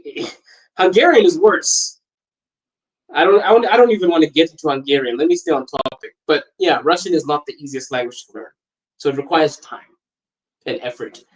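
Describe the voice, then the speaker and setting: A man hosting a podcast, chatting casually and telling lively anecdotes, laughing often as he talks. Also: a little high, rough recording. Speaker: podcast host. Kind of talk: casual storytelling chat.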